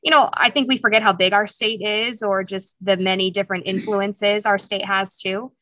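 Bright-voiced woman interviewer, dry sound. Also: mid-range voice, steady tone, normal speed, no room sound, poor audio. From Wisconsin. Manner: curious, rambling questions with "you know". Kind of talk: interview questions.

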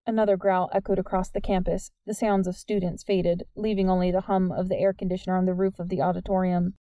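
A woman narrating a young adult novel as an audiobook in a steady, measured way. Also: fairly low pitch, no room sound, dull audio. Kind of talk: scripted narration.

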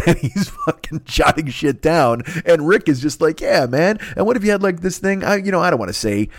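A man's voice: on the high side, animated, brisk, hardly any pauses. A man in his fifties telling a rambling, profane comedic monologue, jumping into silly voices for the people in his story. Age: 50s.

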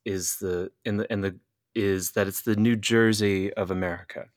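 A man's voice: fairly low pitch, fairly even intonation, normal speed, no echo. A man hosts a podcast in a loose, joking way and swears casually. He teases his guest with playful guesses. The sound is dry and close. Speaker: podcast host. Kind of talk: casual chat.

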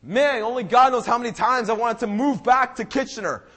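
A man's voice: very high voice, a little fast, fairly bright tone. A young man preaching an impassioned, emphatic sermon at a church service, often repeating his phrases. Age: young adult.

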